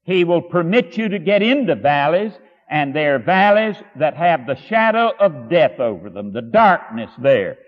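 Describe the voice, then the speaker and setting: Animated preacher man in an echoing hall. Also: fairly high pitch, measured pace, few pauses. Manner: storytelling, emphatic repetition. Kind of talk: sermon. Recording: tinny phone-like sound with long hall reverb.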